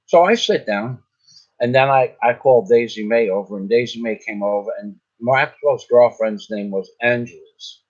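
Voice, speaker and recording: A man's voice: mid-range voice, normal speed, husky. An older man telling a long story in a casual, rambling way, often repeating himself and restarting his sentences. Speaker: vlogger. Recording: slightly dull lo-fi sound.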